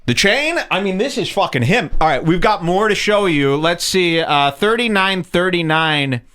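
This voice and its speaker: A man hosting a casual commentary show in a mocking way, often breaking into high impressions. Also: normal speed, fairly bright tone, smooth. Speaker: host.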